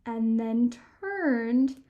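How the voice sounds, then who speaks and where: A woman's voice: fairly high pitch, very slow, narrow, tinny audio. A woman librarian reading a storybook aloud to children and talking to them directly. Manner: animated, addressing kids directly.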